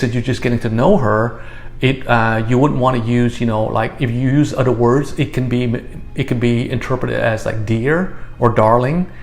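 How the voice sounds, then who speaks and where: A man teaching phrases in a chatty, casual lesson, with many fillers and restarts, slowing down to stress each word. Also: mid-range voice, creaky. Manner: slows down to stress the words he teaches. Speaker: language teacher.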